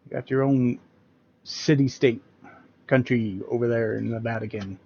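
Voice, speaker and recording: A man's voice: medium pitch, fairly even intonation, normal speed, gravelly, dull audio, slight background noise. A man hosting a reaction commentary show, ranting in a sarcastic, mocking way.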